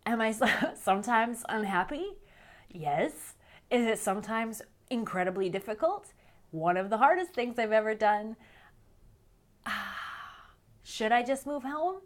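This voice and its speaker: Woman, thirties, North American accent, casual vlog chat, animated, laughing. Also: fairly high pitch, a little slow. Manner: animated, laughs often, exaggerated quoted voices. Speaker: vlogger.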